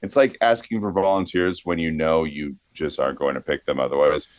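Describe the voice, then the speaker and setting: A man's voice: very deep voice, fairly even intonation, brisk, dry recording. A man co-hosting a comedy podcast, introducing segments in a rambling, hesitant way. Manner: rambling, hesitant, lots of fillers. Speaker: podcast co-host.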